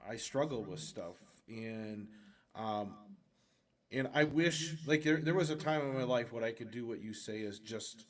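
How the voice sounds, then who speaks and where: A man's voice: mid-range voice, a little slow. A man hosting a casual conversation, speaking hesitantly with frequent restarts and self-doubt. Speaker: host.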